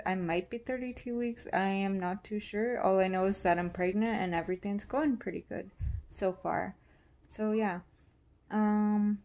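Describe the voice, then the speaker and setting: A woman's voice: mid-range voice, darkish tone. Candid young woman rambling on a vlog. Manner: candid, rambling, with frequent fillers. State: pregnant. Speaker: vlogger.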